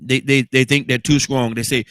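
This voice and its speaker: A man's voice: mid-range voice, level tone, normal speed, fairly bright tone, no echo. Male host, affirming, murmured agreement, dry close sound. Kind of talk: radio call-in show hosting.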